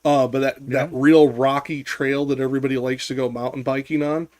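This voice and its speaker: A man's voice: mid-range voice, little pitch movement, brisk, a little mellow. A man in casual chat who explains at length, rambling with restarts and casual swearing.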